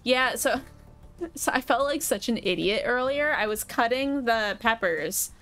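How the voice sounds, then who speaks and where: A woman's voice: a little high, lively intonation, unhurried, fairly bright tone, soft background music. A woman streaming a game live, chatting casually with viewers and cooing at her cat.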